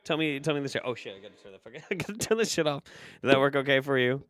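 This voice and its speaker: A man chats on his livestream with a lively, swooping voice that sounds bright and forceful. He swears freely and reacts loudly to his viewers, and his mic is close and dry. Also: medium pitch, rapid-fire, no room sound. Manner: profane, animated, laughing. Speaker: livestream host. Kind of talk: casual livestream chat reading superchats.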